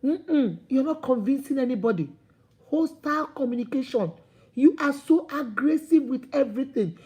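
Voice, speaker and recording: High, mellow-voiced woman relationship coach. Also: moderate pace. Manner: preachy and animated, addresses viewers as sister and brother; acts out quoted dialogue in playful voices. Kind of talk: motivational vlog talk to camera.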